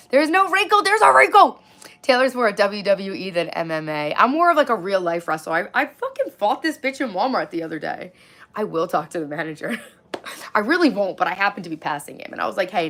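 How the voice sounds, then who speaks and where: A woman in her thirties talks straight into her phone on a live stream, her voice hoarse and rough with fry. She sits a touch low in pitch and rants bluntly, swearing freely as she reads and answers the chat. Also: a bit bright. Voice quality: gravelly. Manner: blunt, profane, ranting storyteller. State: hoarse, lost voice from screaming.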